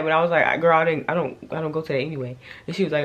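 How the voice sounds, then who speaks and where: A young woman tells a story straight to her camera. Her talk is casual and animated, jumping between loud outbursts and hushed, low asides. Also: very fast, hardly any pauses. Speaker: vlogger.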